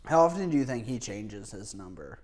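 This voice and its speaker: A man's voice: lowish voice, sing-song, fairly quick, a little mellow, a little hiss or hum. A man co-hosting a comedy podcast in casual chat, joking, laughing often and swearing freely. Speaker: comedian and co-host.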